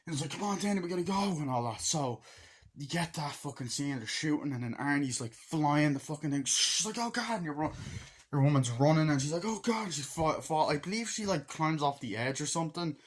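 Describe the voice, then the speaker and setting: A man casually reviewing a film, swearing freely and acting out scenes in quick voices as he rambles through the plot. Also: fairly high pitch, slight background noise. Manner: excited, rambling retelling. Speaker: movie reviewer.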